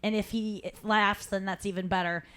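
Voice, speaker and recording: A woman hosting a live podcast, telling an animated story and acting out other people's lines, laughing often. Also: mid-range voice, normal speed, smooth. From St. Louis. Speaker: podcast host. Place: live show at a cafe.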